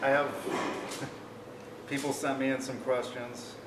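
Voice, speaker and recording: A man interviewing a band singer in a relaxed, casual way, reading out questions sent in by fans. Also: mid-range voice, takes it slowly, recorded from a distance, noisy background. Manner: relaxed, reads out fan questions. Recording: echoey, off-mic, loud music behind.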